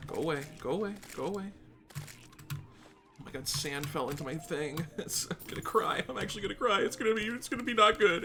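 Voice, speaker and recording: A speedrunner giving live gameplay commentary, excitable and exasperated, talking to themself and the chat. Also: mid-range voice. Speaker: speedrunner streaming a game.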